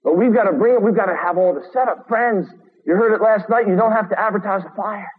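A man's voice: high voice, fast. A man preaching a sermon in an earnest, urgent way, reading quotes aloud and adding sarcastic asides. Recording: tinny phone-like radio broadcast from a long-reverb hall.

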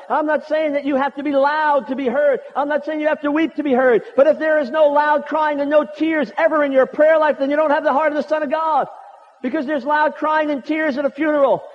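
A very high-pitched man delivers an impassioned sermon, building his points through rhythmic repetition. His voice rings with long reverb through a large hall. The audio is muffled and dull. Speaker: preacher.

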